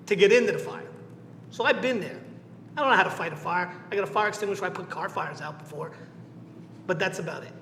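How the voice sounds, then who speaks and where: A man's voice: sits high, fairly bright tone. A middle-aged man with a Southern New England accent speaking as a city council member at a public meeting, emotional and blunt, repeating himself for emphasis. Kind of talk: impassioned speech at a public meeting. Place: large echoey meeting chamber. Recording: echoey council chamber with long reverb, faint noise.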